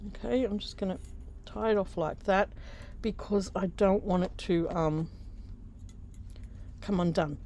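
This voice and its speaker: Slow, mellow Australian woman crafting. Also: medium pitch, a little hiss or hum. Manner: chatty, laughs often, rambling asides. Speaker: craft vlogger. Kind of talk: casual craft tutorial.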